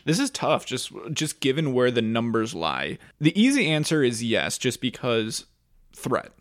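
A man's voice: medium pitch, big pitch swings, a little slow, dry recording, clean studio sound. A man co-hosting a podcast, chatting casually about a reality competition, with stammering restarts and easy laughs. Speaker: podcast co-host. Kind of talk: casual reality-show discussion.

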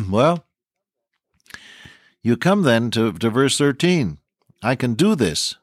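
A man's voice: mid-range voice, sing-song, slow, dry recording, studio quality. An older man teaching the Bible on the radio, folksy and earnest, repeating his key lines. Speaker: radio preacher.

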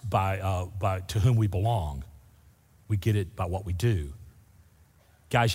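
A man's voice: lowish voice, darkish tone. A man preaching a sermon as pastor, folksy and humorous, saying "y'all" to his congregation. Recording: long hall reverb.

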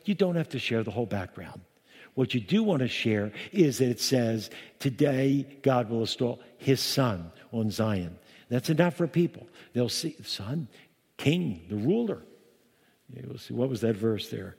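A man's voice: lively intonation, moderate pace, a little mellow, breathy edge. A man preaching a sermon, reading scripture aloud with emphatic, rising delivery and breaking off to explain it. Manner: emphatic, reads verses aloud with rising pitch. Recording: long hall reverb.

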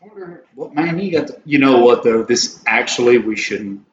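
A man's voice: medium pitch, expressive, reverberant. Joking man chiming in. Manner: joking, chiming in with quick reactions. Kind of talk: casual chat. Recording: slightly muffled with faint room noise.

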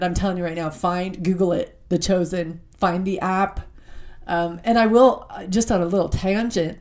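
A woman's voice: lowish voice, darkish tone. Earnest woman giving a devotional talk. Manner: earnest, heartfelt, emotional; reads scripture aloud slowly. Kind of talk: devotional talk with scripture reading.

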